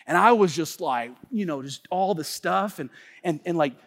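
A male pastor preaching a sermon in a casual, slangy storytelling manner that swings between hushed asides and loud outbursts. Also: a little high, animated, moderate pace. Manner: casual slangy talk, many fillers and restarts. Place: church sanctuary. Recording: long reverb of a large church hall.

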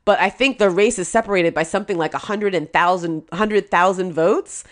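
A woman co-hosting a podcast, talking politics in a casual, indignant way with quick laughing asides. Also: medium pitch. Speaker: podcast co-host.

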